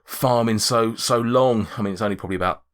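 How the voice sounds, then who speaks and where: A man's voice: fairly low pitch, quick pace. A man running a tabletop game as game master, narrating in a rambling, joking way with lots of hesitation.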